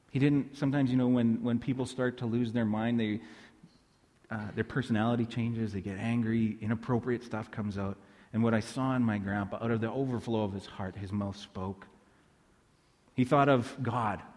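A man's voice: mid-range voice, steady tone, moderate pace, darkish tone. Guy pastor preaching, chatty storytelling w lots of ums, mid voice, long hall echo. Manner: conversational storytelling with fillers and restarts. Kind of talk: sermon.

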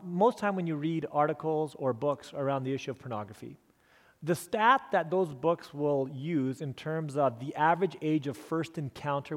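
A man in his forties speaks as a pastor, telling a family story in a sermon with earnest, self-deprecating humor and frequent false starts. His voice sits high for a man. It carries the long reverb of a large church hall.

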